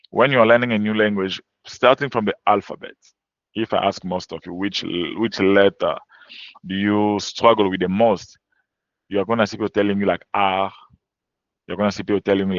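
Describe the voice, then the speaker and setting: A man whose first language is French talks through a webinar lesson, handing out plain advice in short, repeated instructions. His voice sits fairly low. The sound is dry and a little dull. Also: dry recording. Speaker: French teacher. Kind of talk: webinar lecture.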